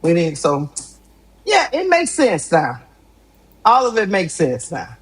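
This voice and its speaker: A middle-aged woman hosting a live sports talk stream, animated and exclamatory, laughing often. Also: lowish voice, slow, a little hiss or hum, poor audio. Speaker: sports talk show host.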